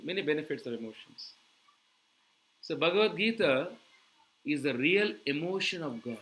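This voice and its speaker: A man giving a sermon, animated and full of rhetorical questions to his audience. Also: fairly high pitch, moderate pace, low-quality recording. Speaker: preacher.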